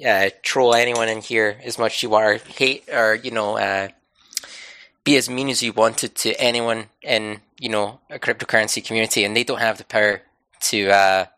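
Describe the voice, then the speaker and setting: A man's voice: lowish voice, fairly even intonation, normal speed, sharp tone, clean tone, no room sound. A man in a casual chat, responding sympathetically and hesitantly with many fillers. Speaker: community hangout participant.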